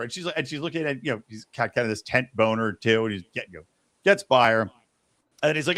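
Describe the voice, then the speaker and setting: A man's voice: medium pitch, lively intonation, fast talker, a bit bright, no echo. A man hosting a podcast, telling the story of a TV episode in casual chat and acting out the characters' lines. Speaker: podcast host.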